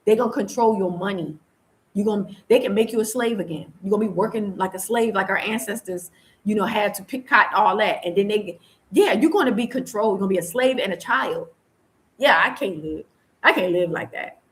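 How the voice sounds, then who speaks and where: A woman's voice: medium pitch, a little fast. A woman from the United States talking in an impassioned vlog monologue, fervent and preachy, repeating her points for emphasis. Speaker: vlogger.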